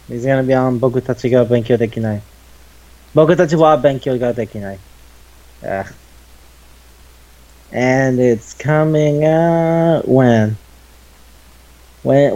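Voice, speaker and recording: A man in his twenties co-hosting a casual chat podcast, excitable and quick to swear. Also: mid-range voice, muffled recording. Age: 20s. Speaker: podcast co-host. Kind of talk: casual chat about anime.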